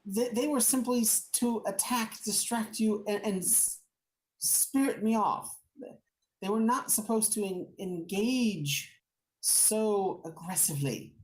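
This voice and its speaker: A woman's voice: mid-range voice, takes it slowly, a little hiss or hum, voice pushed up, close to an everyday voice, poor audio. A woman voicing a nervous, stammering middle-aged male councilman in a tabletop game. He apologizes and trips over his words. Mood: flustered apologetic.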